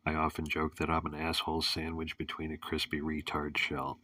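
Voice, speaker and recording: A man's voice: very deep voice, monotone, fairly quick, hardly any pauses, bright, forceful tone, no echo, clean studio sound, recorded from a distance. A man hosting a casual monologue show, rambling with many fillers and restarts, and cracking crude jokes. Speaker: host.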